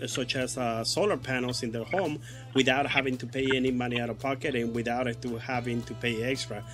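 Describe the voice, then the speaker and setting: A man's voice: mid-range voice, fairly bright tone. A man hosting a casual interview, talking conversationally and asking long, winding questions. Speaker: host.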